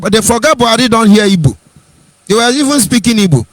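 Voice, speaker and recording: A man's voice: very high voice, lively intonation, fast, no echo. A Nigerian man giving an impassioned political monologue, rhetorical and mocking in tone. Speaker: political commentator.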